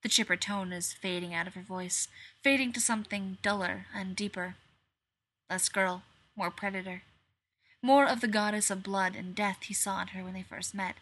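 A woman narrating a dark piece of fan fiction, measured and slowing on the grim lines. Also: medium pitch, steady tone. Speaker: reader.

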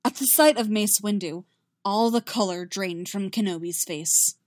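Woman reading sci-fi fanfic aloud, steady and expressive, dry close mic. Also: medium pitch, normal speed, no echo. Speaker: reader. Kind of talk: fan fiction audiobook narration.

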